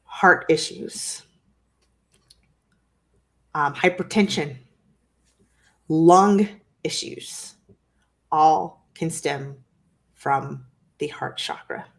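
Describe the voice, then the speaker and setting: Calm low-voiced woman healer. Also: vocal fry. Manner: calm, measured, poses rhetorical questions. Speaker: guest energy healer. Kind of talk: wellness chat and reading.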